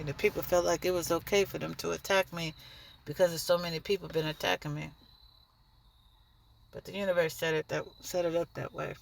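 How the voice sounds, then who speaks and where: A woman's voice: on the low side, creaky. A woman giving a blunt, profane, preachy monologue straight to the camera in her own vlog. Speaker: dancer and vlogger.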